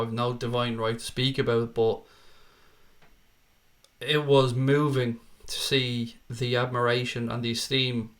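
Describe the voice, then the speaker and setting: Bright-voiced man chatting on a stream. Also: medium pitch. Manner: chatty, informal, keeps calling viewers mate and pal. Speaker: host of a football fan live stream. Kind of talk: casual live-stream chat reading viewer comments.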